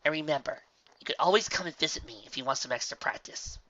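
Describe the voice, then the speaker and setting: A man voicing a unicorn mare mentor, calm and encouraging. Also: a little high, quick pace, highs cut off, voice pushed up. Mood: kind.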